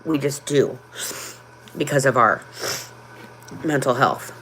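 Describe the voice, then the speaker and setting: A woman with a low voice hosts a casual livestream and talks openly from the heart. She chats with her viewers and stops often for an um or a pause. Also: fairly bright tone, slight background noise. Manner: heartfelt, open, with frequent ums. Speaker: livestream host.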